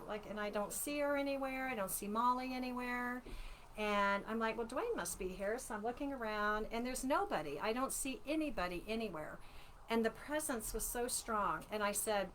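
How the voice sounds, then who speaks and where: Woman, 60s, slightly high voice, chatty livestream storyteller, faint room noise. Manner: chatty and animated, warm with viewers. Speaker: author hosting a live book launch. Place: at home.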